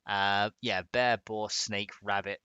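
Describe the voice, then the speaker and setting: Bright-voiced chatty male streamer. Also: lowish voice, level tone, slow, smooth, no echo, lo-fi sound. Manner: rambling, chatty, laughs often, reads out chat. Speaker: game modding streamer. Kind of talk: casual live-stream chat.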